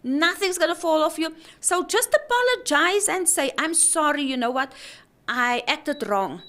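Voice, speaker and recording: A woman's voice: high voice, animated, a little slow, sharp tone. A woman in casual faith-based chat, earnest and preaching, often repeating her words.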